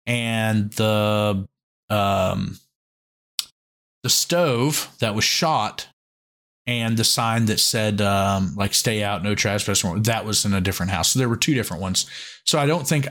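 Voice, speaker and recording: A man's voice: on the low side, unhurried, a bit bright. A man hosting a podcast, telling long stories in a rambling, profane way, full of "like" and restarts. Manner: rambling, profane, heavy use of "like". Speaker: podcast host. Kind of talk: casual storytelling chat.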